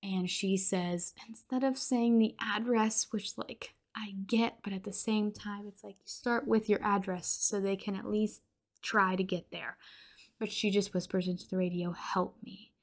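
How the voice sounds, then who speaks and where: A young woman hosts a podcast and talks through a horror film scene by scene. Her delivery is loose and conversational, packed with fillers and the occasional curse word, and she slips into hushed whispers when the tension builds. Her voice sits at a middling pitch. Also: steady tone, normal speed. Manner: chatty, swears, many fillers like "like"; drops into whispers for tense moments. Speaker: podcast host. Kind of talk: casual film recap.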